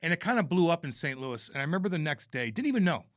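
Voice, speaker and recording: A man in his thirties co-hosting a podcast, talking bluntly and joking around with loose swearing. His voice sits somewhat high. The recording is dry and close to the mic. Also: sing-song, very fast, dry recording. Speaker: podcast co-host, former hockey player. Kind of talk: casual chat.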